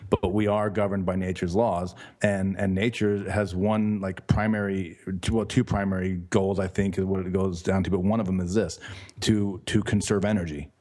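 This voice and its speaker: Loose, rambling man with a lowish voice. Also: little pitch movement, moderate pace, a little mellow. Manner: rambling, swears casually, restarts sentences. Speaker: guest, author. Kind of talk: casual podcast conversation.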